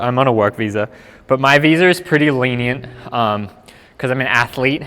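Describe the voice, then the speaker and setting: A man's voice: medium pitch, fairly bright tone. A young Australian man with a mid-range voice chats loosely on a live stream, full of slang and filler words. A long reverb trails behind his voice. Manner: laid-back, slangy, lots of "like". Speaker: skateboarder and streamer. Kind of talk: casual live-stream chat.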